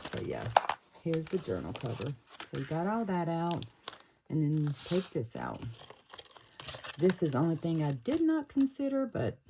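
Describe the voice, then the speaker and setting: A woman casually talking through a handmade journal, thinking aloud and pausing to fiddle with the pieces. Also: fairly low pitch, vocal fry, mellow, slight background noise, rough recording. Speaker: paper craft creator. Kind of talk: casual craft flip-through.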